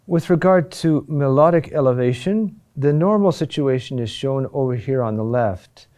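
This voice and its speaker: Male lecturer, unhurried and hesitant delivery, mellow low-key tone. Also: clean tone. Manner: slow, halting delivery with many fillers and restarts. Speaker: teacher of Gregorian chant. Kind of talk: classroom lecture.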